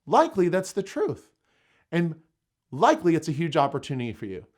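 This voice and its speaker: High-voiced emphatic motivational man. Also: wildly swooping pitch, brisk, a little mellow. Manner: emphatic, repetitive phrasing. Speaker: motivational speaker. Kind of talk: motivational self-help talk.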